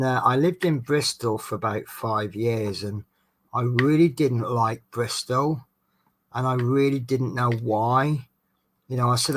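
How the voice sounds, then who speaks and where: A man's voice: medium pitch, a little slow, a bit bright, a little hiss or hum. A man, a coach driver talking in a casual, rambling and hesitant way in a vlog. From Norwich, England. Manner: rambling, hesitant, self-deprecating. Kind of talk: casual chat.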